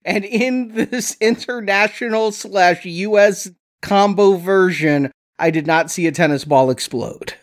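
A co-host on a casual film podcast tosses in quick, joking asides and pet theories. The voice sits at a middling pitch.

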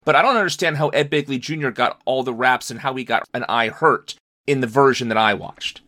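A man's voice: medium pitch, fairly quick, sharp tone, dry recording. A man co-hosting a casual film podcast, thinking aloud as he recounts scenes. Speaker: podcast co-host.

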